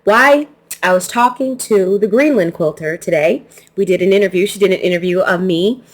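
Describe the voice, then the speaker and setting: A woman's voice: mid-range voice, normal speed. A woman hosting her quilting channel, chatting casually through an unboxing, laughing easily and restarting her sentences.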